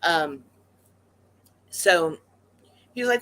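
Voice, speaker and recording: A pet vlogger chats through a story at a mid-range pitch, circling back with fillers like "um" and "you know" and restarting sentences as thoughts catch up. The tone is conversational and unscripted, spoken straight to the camera. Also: very animated, a little slow, pauses often, fairly bright tone, slight background noise, low-quality recording. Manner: rambling, with many fillers and restarts; chatty and conversational.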